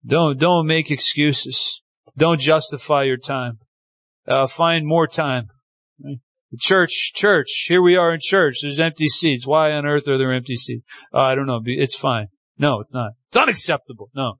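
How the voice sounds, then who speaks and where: Emphatic male preacher, higher voice. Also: measured pace, a bit bright, no echo, highs cut off. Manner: emphatic, repeats phrases for emphasis. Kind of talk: sermon. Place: church.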